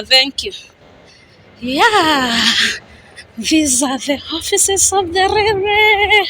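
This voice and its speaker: A woman vlogging on a handheld phone at a railway station and on board a train. She gushes with excitement and repeats herself often. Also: high-pitched. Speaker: travel vlogger. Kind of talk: casual vlog narration. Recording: noisy phone recording on the move.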